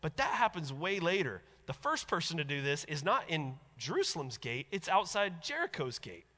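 A man preaching a sermon as a pastor, animated and conversational, acting out the voices he quotes. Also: on the high side, normal speed, long reverb tail.

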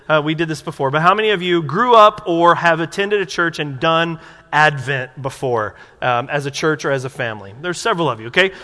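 A pastor preaching to his congregation in a loose, conversational way, tossing them questions. His voice sits high and sounds bright and forceful. It rings out with the long reverb of a church hall. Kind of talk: sermon. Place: church sanctuary.

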